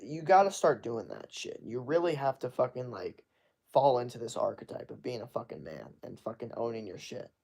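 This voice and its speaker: This is a young man streaming live and answering chat, his mid-range voice creaky with a darkish tone. His casual rant delivers blunt, profane advice, packed with fillers and emphatic swearing.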